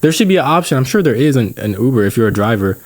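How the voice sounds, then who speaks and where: A young man co-hosting a podcast, telling an animated story in casual chat, peppered with swearing and fillers. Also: mid-range voice, racing, no room sound. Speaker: podcast co-host.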